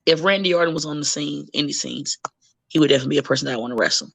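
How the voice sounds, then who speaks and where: Gravelly-voiced woman, blunt and profane. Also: deep voice, very fast. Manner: blunt, profane and animated, acting out quoted people. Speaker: professional wrestler, guest. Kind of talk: casual interview chat.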